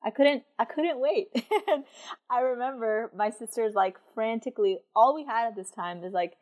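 A woman's voice: a little high, normal speed, darkish tone. A young woman telling a personal story in casual chat, with lots of fillers and frequent laughter.

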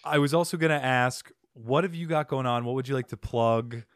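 A man's voice: medium pitch, brisk, clear, resonant tone, no room sound, clean studio sound. A man hosting a comedy advice podcast, playful and goofy, wrapping up with silly asides. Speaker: podcast host. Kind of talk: casual podcast chat and outro.

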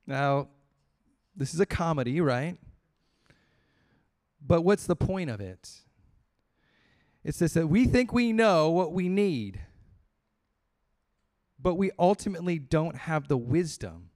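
A man preaching a sermon as pastor, telling a story with lively acted-out voices and dropping to quiet emphasis on key points. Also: slow pace, long pauses. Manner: storytelling, acts out quoted voices with rising pitch.

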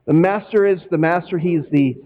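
A man's voice: a little high, normal speed, narrow, tinny audio, slight background noise. A man preaching as a pastor in a conversational way, from Northwest Indiana, slipping into quoted voices now and then. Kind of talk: sermon.

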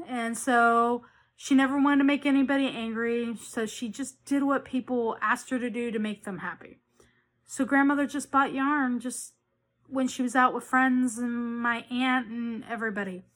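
A woman with a somewhat high voice hosts a homemade knitting podcast. She chats casually, rambling from one thought to the next. She often breaks off and restarts her sentences. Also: fairly bright tone. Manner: rambling, chatty, with frequent restarts and self-corrections. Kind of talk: casual chat.

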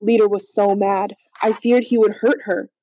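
A woman reads a fan audiobook with steady, earnest narration. Her voice is mellow and sits in a dry space, with slightly dull, lo-fi audio. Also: mid-range voice, normal speed, breathy edge, no room sound. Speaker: audiobook reader. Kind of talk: storybook narration.

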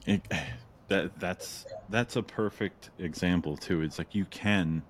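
A man with a fairly low voice hosts a podcast in relaxed conversation. He is chatty and laughs often. He slips into quick spoken asides that act out his own thoughts. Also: slight background noise. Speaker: podcast host. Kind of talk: casual interview chat.

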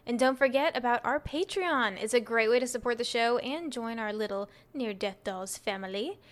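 A woman co-hosting a podcast, relaxed and joking in casual chat. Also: fairly high pitch, normal speed. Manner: easygoing, joking. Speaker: podcast co-host.

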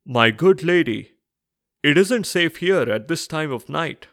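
A man playing an earnest, fussy legendary king who talks in a slow, deliberate, officious way, in a storytelling podcast. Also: on the high side, animated, fairly bright tone, no echo, clean studio sound. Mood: polite.

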